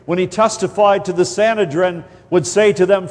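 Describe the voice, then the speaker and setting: A man with a fairly high voice preaches at an unhurried, measured pace, leaning on each key word. His voice rings out with a long hall reverb. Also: fairly even intonation, darkish tone. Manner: slow, deliberate, emphatic phrasing with repeated words. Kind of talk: expository sermon.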